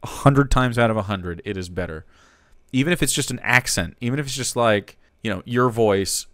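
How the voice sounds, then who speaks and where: A man's voice: on the low side, brisk, fairly bright tone, no room sound. Blunt, profane male streamer, very dry sound. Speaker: streamer host. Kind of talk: live stream reaction commentary.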